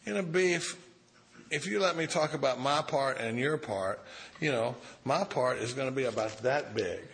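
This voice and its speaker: A man's voice: mid-range voice, moderate pace, creaky, fairly bright tone. Folksy man explaining a recovery text. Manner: folksy, profane, reads a passage then riffs on it. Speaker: recovery group speaker. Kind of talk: informal talk on a recovery text.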